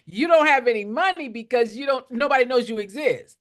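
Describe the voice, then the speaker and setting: A high, very lively woman's voice that swoops up and down as she drives her points home. She coaches her audience in a preachy, repetitive way, pausing so they can answer back. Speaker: nonprofit fundraising coach. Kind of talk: energetic live teaching with call-and-response.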